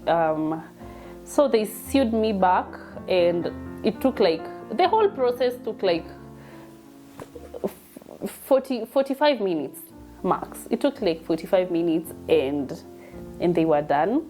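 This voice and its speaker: Chatty Kenyan woman, mellow voice. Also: lowish voice, lively intonation, slow, long pauses, faint music behind. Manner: mixes English and Swahili, chatty and emotional. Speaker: vlogger telling her birth story. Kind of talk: casual personal storytelling.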